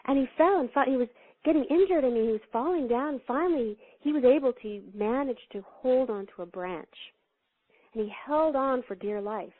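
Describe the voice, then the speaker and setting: A woman with a somewhat high voice tells teaching stories as an interview guest, slipping into the voices of the people in them. Her voice comes through a thin, tinny phone line. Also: normal speed. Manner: animated storyteller who acts out the voices in her stories.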